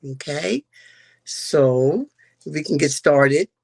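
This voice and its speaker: A woman who is a social worker and program director, introducing herself as a guest on a live stream in a measured, modest way, with the odd "um". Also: low-pitched, animated, gravelly, darkish tone, husky.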